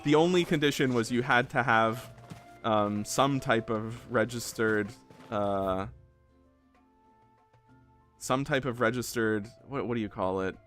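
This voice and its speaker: A man's voice: mid-range voice, measured pace, long pauses, a bit bright, soft background music. A man streaming a game, chatting casually in a rambling, self-deprecating way and swearing freely.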